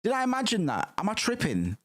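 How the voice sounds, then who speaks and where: A man streaming casually and reacting to music, rambling and excitable, with frequent swearing. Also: high voice, fast talker.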